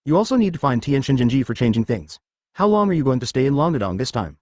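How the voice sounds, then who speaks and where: A man reading a lively female snake spirit. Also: mid-range voice, quick pace, no echo, clean studio sound. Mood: teasing. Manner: flat machine-read delivery. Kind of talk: machine-read web novel audiobook.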